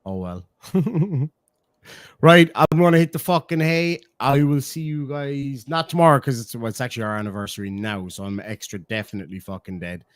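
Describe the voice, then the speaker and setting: A man's voice: medium pitch, normal speed, dry recording, studio quality. An Irish man hosting a stream, chatting casually and swearing as he reacts to clips, laughing often.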